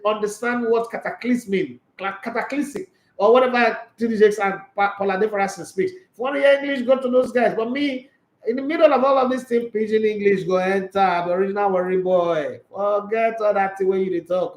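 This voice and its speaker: A Nigerian man hosting a football talk show, excitable and joking, with preachy asides and bits of Pidgin. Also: high-pitched, reverberant, poor audio. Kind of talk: animated solo football commentary.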